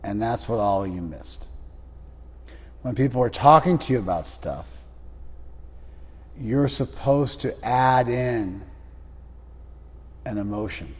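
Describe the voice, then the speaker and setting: Husky man teaching a lively class. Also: medium pitch, takes it slowly, pauses often. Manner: teasing, animated, acts out quoted voices. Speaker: spiritual teacher leading a class. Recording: room recording with long reverb.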